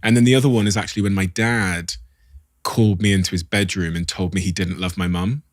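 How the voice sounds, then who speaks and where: Man, podcast host, reflective, low register, dry sound. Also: steady tone, fairly quick, dry recording. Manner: thoughtful, searching for words with fillers. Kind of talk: reflective interview conversation.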